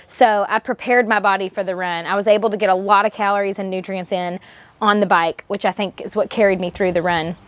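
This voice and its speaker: A woman's voice: medium pitch, steady tone, fairly quick, no echo. A young woman vlogger recounting her race day in a chatty, enthusiastic way that turns emotional. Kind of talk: casual race recap.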